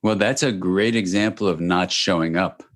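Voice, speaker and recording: A man speaking as a guest expert in an interview, explaining in a measured, emphatic way. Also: low voice. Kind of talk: interview answers.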